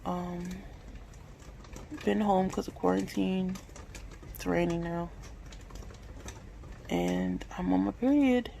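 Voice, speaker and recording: A woman's voice: on the low side, animated, takes it slowly, gravelly, pauses often, warm tone, slight background noise, low-quality recording. A woman in her late twenties talking candidly and emotionally to her phone camera at home, swearing freely. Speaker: vlogger. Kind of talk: personal talk to camera. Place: at home indoors.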